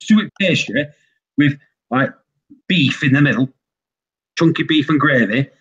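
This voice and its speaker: A man's voice: on the high side, animated, a little slow, fairly bright tone, breathy edge. A man with a British accent in a casual group chat, cheeky and swearing, talking keenly about food. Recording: dull lo-fi audio.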